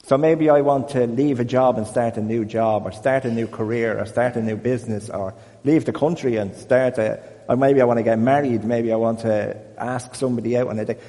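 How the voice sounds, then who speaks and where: A man leading an informal Bible talk for a small group, chatty and self-deprecating, growing more animated as he goes. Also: medium pitch, fairly quick, hardly any pauses, long reverb tail. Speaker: church group leader.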